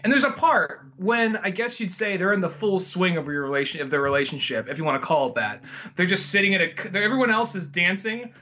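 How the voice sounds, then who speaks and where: A man co-hosting a podcast, casually recapping a movie and acting out scenes in quick mimicked voices. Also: high voice, expressive, sharp tone, dull audio. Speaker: podcast co-host.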